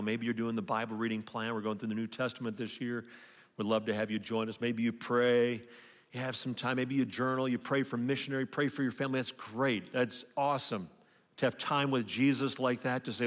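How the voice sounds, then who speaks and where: A man's voice: mid-range voice, normal speed. Man preaching in a reverberant hall. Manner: conversational preaching with repeated restarts. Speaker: pastor. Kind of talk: sermon.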